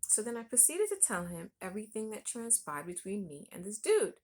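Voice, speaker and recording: A woman vlogger telling a personal story in a relaxed, conversational way. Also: medium pitch, brisk. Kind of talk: storytelling vlog.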